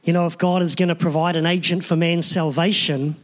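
A man's voice: on the high side, flat delivery, a little fast. A man, a pastor, preaching a sermon in an earnest, emphatic way with short repeated phrases.

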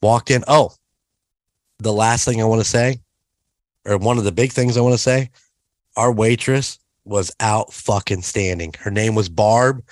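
A man's voice: on the low side, unhurried, a little mellow, no room sound. A man co-hosting a podcast, chatting casually and enthusiastically about where to eat. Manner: chatty, enthusiastic restaurant recommendations. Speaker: podcast co-host. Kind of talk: casual chat.

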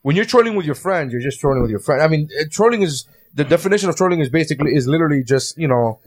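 A man's voice: fairly high pitch, animated, very fast. A man chatting loosely on a podcast, rambling and restarting his sentences, swearing casually and laughing often.

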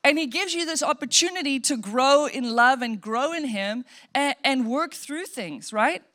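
A woman's voice: high voice, lively intonation, moderate pace, fairly bright tone. A woman pastor preaching a sermon in a conversational, earnest way, full of asides and quoted voices.

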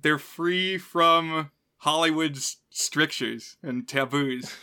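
A man's voice: a little high, very slow, pushed and bright, clear, resonant tone. A man co-hosting a podcast, chatting casually about a film and often laughing mid-sentence. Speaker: podcast co-host. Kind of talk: casual film review chat.

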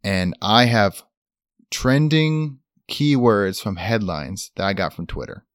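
A man's voice: fairly low pitch, lively intonation, takes it slowly, no room sound, studio quality. A man co-hosting a podcast, talking in an upbeat, rambling way with lots of fillers. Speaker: podcast co-host. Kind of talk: casual chat.

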